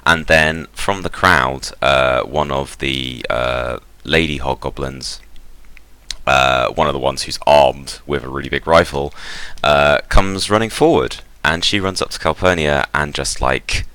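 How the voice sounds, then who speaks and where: Very deep-voiced male game master. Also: steady tone, measured pace, pushed and bright, clear, resonant tone, no echo. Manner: rambling, many fillers. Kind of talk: narrating a tabletop game.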